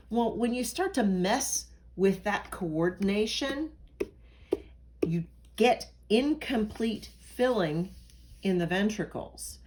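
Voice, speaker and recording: A woman's voice: on the low side, a little mellow. A woman from Pennsylvania giving a recorded lecture as an instructor, talking in a conversational way with analogies and asides. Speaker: nursing instructor.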